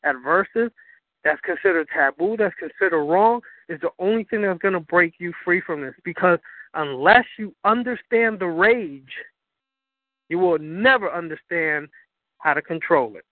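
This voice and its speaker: A high-voiced man preaches hard and swears freely, pressing each point with emphatic force. His voice comes through a thin, tinny phone line with no room sound at all. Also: expressive, normal speed, dry recording. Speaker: spiritual teacher. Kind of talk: impassioned lecture on a call-in broadcast.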